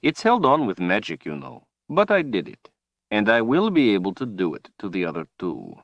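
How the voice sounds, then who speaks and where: A man voicing a cruel, menacing male tyrant wizard in an audiobook, speaking slowly and tauntingly. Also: lowish voice, wildly swooping pitch, no room sound, lo-fi sound, voice pushed up. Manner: slow, taunting, drawn-out delivery. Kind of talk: audiobook character voice.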